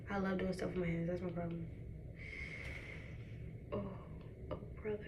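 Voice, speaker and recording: A woman's voice: lowish voice, normal speed, long pauses, lo-fi sound. Young woman, chatty makeup vlogger, roomy and noisy recording. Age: 20s. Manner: chatty, animated, addresses viewers as y'all. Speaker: beauty vlogger. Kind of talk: casual chat while doing makeup. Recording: echoey room with background noise.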